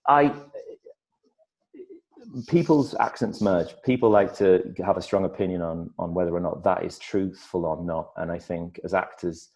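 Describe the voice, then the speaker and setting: A man's voice: deep voice, normal speed, creaky, a little mellow. A man from northeast England with a northeast English accent, an actor chatting as an interview guest, thoughtful and rambling, with frequent restarts. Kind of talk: casual interview chat.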